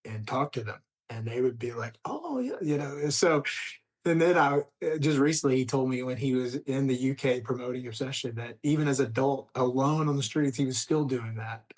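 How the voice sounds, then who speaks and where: Soft-trailing man, middle-aged. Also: mid-range voice, steady tone, a little fast. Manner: rambling, restarts often, trails off softly. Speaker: screenwriter guest. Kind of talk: casual interview conversation.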